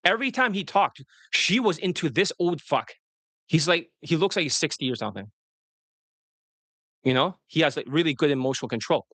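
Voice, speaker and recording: A man talking fast and rambling as a dating coach on a livestream, often breaking off mid-sentence. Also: on the high side, lively intonation, a bit bright, no room sound. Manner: fast, rambling, self-interrupting.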